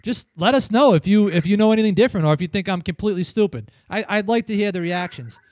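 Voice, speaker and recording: A man's voice: sits high, lively intonation, fast, darkish tone, no echo, clean studio sound. A man from New England ranting profanely as a podcast host in a casual wrestling review chat.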